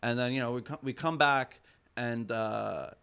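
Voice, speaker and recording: A man's voice: mid-range voice, unhurried, creaky, pushed and bright, clean tone. A man as a podcast guest, telling a long story casually with lots of swearing and fillers. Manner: rambling, profane, heavy on "I'm like" and fillers.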